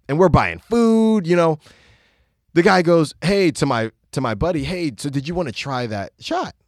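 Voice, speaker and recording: Animated storytelling man, dry sound. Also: mid-range voice, no echo. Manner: animated, mocking impressions of bartenders. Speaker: podcast host. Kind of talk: casual storytelling monologue.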